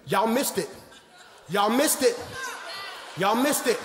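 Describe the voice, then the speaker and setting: A man preaching in a big sanctuary, his voice sitting very high and ringing bright as the long hall reverb carries it. He drops into low, joking asides with the congregation, then climbs into shouted, emphatic preaching. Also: expressive, slow pace, long pauses, some chatter behind, a little hiss or hum. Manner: playful, jokes with the congregation. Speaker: pastor. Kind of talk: live sermon to a congregation. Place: large church sanctuary.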